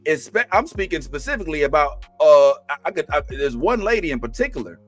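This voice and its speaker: A man co-hosting a live chat, animated, rambling with restarts and acting out quotes. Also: on the high side, fast talker, no echo, faint music behind. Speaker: podcast co-host.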